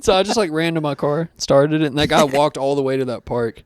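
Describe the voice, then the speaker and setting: Man, casual podcast chat, animated storytelling, slightly high voice, dry close mic. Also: fast talker, hardly any pauses, no room sound. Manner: animated storytelling, loud laughing, swearing. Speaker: podcast co-host, bar owner.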